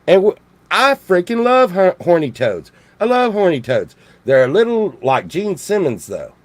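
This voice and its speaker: A man's voice: high voice, sing-song, normal speed, no echo. A man from Texas, rambling jokily in a casual monologue full of restarts and swearing. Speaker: vlogger.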